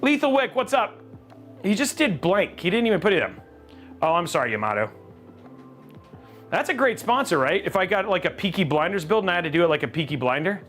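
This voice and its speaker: A man's voice: sits high, brisk, pauses often, faint music behind. A man hosting a live PC-building stream, joking and chatting with viewers as he works. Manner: animated, jokey, chatting with viewers. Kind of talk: casual live-stream chat while building.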